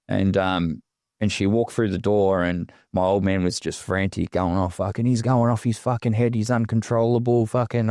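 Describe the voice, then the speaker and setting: An Australian man telling a painful personal story as a podcast guest, halting and swearing often. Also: low-pitched, creaky, darkish tone, no room sound, clean studio sound. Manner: raw, halting, heavy swearing. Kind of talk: emotional personal testimony.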